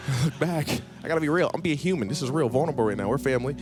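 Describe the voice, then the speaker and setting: A young male preacher with a notably high voice tells his stories with lively energy, slipping into the voices of the people in them. Soft music plays faintly behind his sermon. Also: rapid-fire. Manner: animated, acts out dialogue in his stories. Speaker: guest speaker. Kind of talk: storytelling sermon. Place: church stage.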